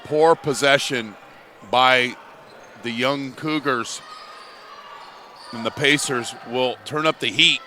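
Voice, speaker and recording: A man's voice: medium pitch, slow, long pauses, bright, forceful tone, a little hiss or hum. A man in his fifties giving basketball color commentary, explaining plays in a coach-like way. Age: 50s.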